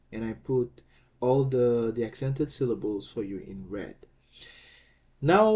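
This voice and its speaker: Slow, mellow-voiced man teaching a lesson. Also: mid-range voice. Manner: slow, careful explaining with restarts and "okay?" checks. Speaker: Greek language teacher. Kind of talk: online lesson explaining grammar.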